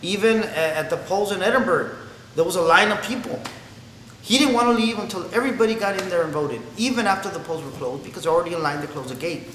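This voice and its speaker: A man with a high voice speaks earnestly and reflectively in a documentary interview. The room is echoey with a long reverb tail. Faint noise hums behind him. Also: animated, fast talker, a bit bright.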